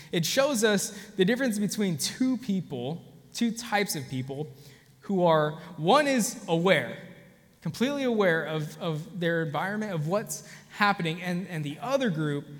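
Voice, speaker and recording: High-voiced man preaching, casual storytelling. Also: in a large hall. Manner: conversational, frequent restarts, addresses audience directly. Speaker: pastor. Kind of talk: sermon with personal story.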